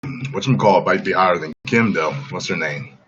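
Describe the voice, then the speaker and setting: A man with a very deep, low voice chats on a livestream. He talks emphatically, keeps checking in with "okay?", and sounds dull and lo-fi. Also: a little fast, fairly bright tone, slight background noise. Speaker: livestream host. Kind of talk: casual livestream chat.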